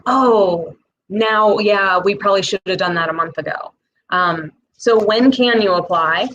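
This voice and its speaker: A woman's voice: mid-range voice, fairly bright tone, a little hiss or hum, poor audio. Chatty Midwestern woman explaining loans. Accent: Midwestern American. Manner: chatty and direct, with fillers and quick asides. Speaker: host explaining a small business loan program. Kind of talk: casual explainer talk to camera.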